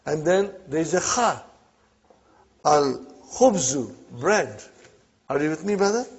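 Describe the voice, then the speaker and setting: Husky slow-talking guy teaching a class, keeps checking in with students, muffled lo-fi recording. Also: fairly high pitch, expressive. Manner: drills words, checks in with students with "huh?" and "are you with me?". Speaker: Arabic teacher. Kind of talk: classroom language lesson.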